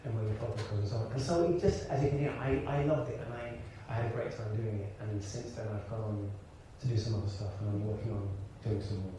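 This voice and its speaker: Speaking fast with few pauses in a lowish voice, a Birmingham actor and director tells lively stories as an interview guest on stage before a large hall audience, often restarting and laughing. The sound is distant and echoey with background hiss.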